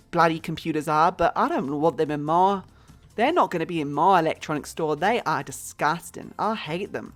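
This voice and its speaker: A woman streaming a life-simulation game, chatting bluntly to herself and viewers as she furnishes a store. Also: fairly low pitch. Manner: chatty and blunt, talks to herself while building. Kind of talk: casual gameplay commentary.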